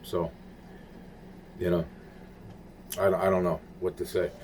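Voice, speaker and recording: A man with a very low, dark voice rambles through a monologue. He repeats himself, swears often and trails off mid-thought. A faint hiss sits under the recording. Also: flat delivery, slow. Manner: rambling, repetitive, profane, searching for words.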